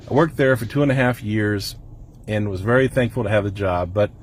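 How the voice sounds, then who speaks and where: A man's voice: mid-range voice, slight background noise. A middle-aged man talking to camera in a personal vlog, earnest and rambling, fighting back tears as he speaks. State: emotional, holding back tears. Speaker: vlogger. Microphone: camera mic.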